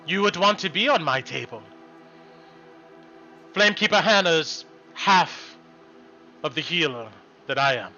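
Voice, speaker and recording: A man voicing a brisk, proud female town healer who speaks in curt, self-assured lines. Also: on the high side, expressive, pushed and bright, exaggerated voice. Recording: muffled stream audio, faint music.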